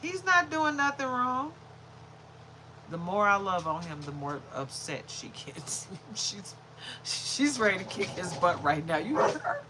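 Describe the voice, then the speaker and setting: A woman's voice: lowish voice, animated, measured pace, background noise. A woman vlogging at home, cooing baby talk to her dogs and chatting to viewers. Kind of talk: casual chat with pets and viewers.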